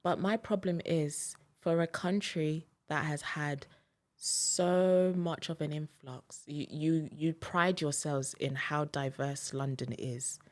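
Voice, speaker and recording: A young woman with a notably low, deep voice makes her case on a podcast. She is emphatic and animated and presses each point home in a lively studio debate. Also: takes it slowly. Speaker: podcast guest. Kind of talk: casual debate.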